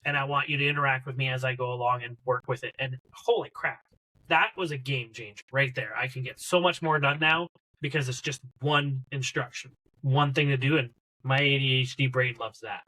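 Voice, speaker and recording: A man in casual podcast chat, telling candid stories with animated energy. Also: medium pitch, brisk, rough recording.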